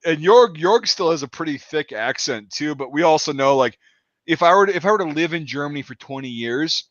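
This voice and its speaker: A man's voice: on the high side, expressive, fairly quick, no echo. A man chatting casually on a podcast call, rambling, with frequent restarts. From Wisconsin. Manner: rambling, quotes others in put-on voices. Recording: dull dry lo-fi call audio.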